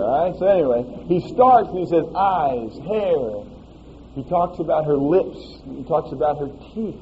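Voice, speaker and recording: Folksy preacher guy, kinda high voice, sermon sounds a bit muffled with faint hiss. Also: normal speed. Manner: folksy and animated, with frequent "all right?" asides.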